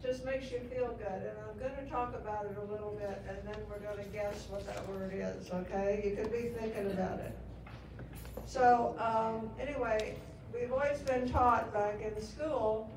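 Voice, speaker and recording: A woman's voice: mid-range voice, close to an everyday voice. A woman playing Mary Poppins as a jokey magical nanny turned caretaker, chatty and self-mocking at a live event. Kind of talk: comic live character performance. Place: public square event. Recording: echoey, distant mic with ambient noise.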